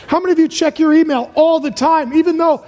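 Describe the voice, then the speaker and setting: Very high-voiced pastor, reverberant hall. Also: male voice, fairly even intonation, darkish tone. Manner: rapid-fire jokey delivery, punchy short lists. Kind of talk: humorous sermon.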